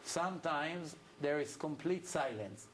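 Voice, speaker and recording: A man's voice: a little high, expressive, measured pace, a little hiss or hum. A man lecturing as a rabbi, telling stories in a plainspoken way. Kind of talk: lecture to an audience.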